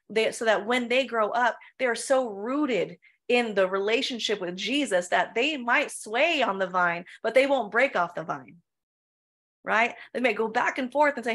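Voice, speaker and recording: A woman's voice: on the high side, moderate pace, a bit bright. Emphatic woman pastor preaching. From Filipino. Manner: emphatic, rhetorical questions with frequent "right?" and "come on". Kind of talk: preaching in a Q&A session.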